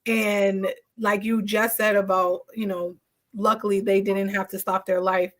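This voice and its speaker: A woman's voice: medium pitch, level tone, measured pace. Supportive young woman hosting a podcast. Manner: supportive, affirming, frequent back-channel. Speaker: podcast host. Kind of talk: casual chat.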